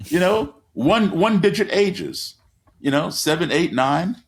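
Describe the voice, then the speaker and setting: This man's voice is high-pitched, creaky, and expressive, and he speaks slowly. As an interview guest on a video call from his living room, he tells stories with an emphatic, repetitive cadence.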